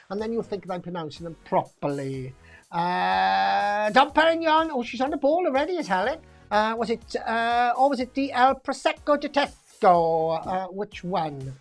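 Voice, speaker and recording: A woman's voice: mid-range voice, animated, normal speed, soft background music. A woman hosting a pub quiz live stream in a chatty, jokey way, reading out answers and laughing often.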